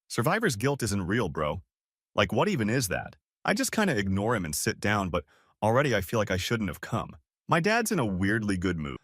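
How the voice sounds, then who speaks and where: A man in his thirties tells a forum story aloud in a casual, confessional way. His pitch rises and falls a lot as he goes. The sound is close and dry, with no room echo. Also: fairly bright tone. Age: 30s. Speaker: story narrator. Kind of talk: reading a forum post aloud.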